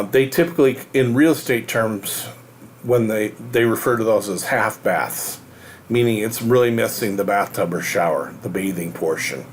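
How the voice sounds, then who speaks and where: Man from the US, low voice, casual rambling monologue, lots of ums and restarts. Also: a little hiss or hum. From United States. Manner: rambling, halting, many fillers and restarts. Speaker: real estate show host.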